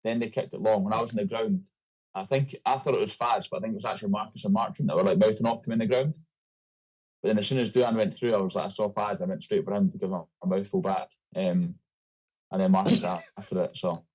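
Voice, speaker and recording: A man's voice: fairly low pitch, steady tone, quick pace, darkish tone, low-quality recording. A young Scottish man, a rugby player, chatting loosely as a guest with many fillers. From Scotland. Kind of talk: casual interview chat.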